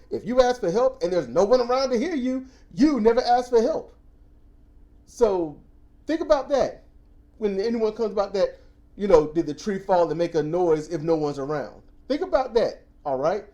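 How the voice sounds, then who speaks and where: A man co-hosting a casual discussion, telling stories in an animated way and breaking into loud mocking quotes. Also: high voice. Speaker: podcast co-host.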